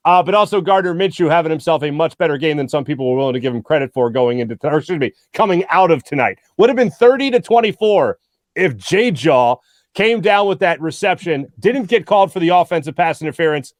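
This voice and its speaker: A high-voiced man hosting a postgame sports talk show speaks fairly quickly in long, animated stretches, constantly restarting his sentences. The recording is dry and close, with no sense of a room.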